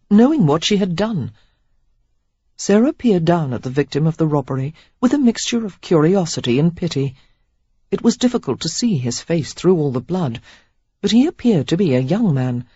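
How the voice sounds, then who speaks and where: A woman narrating a romance audiobook in an expressive, steady storytelling manner. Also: deep voice, slightly rough, dry recording, dull audio. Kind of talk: scripted narration.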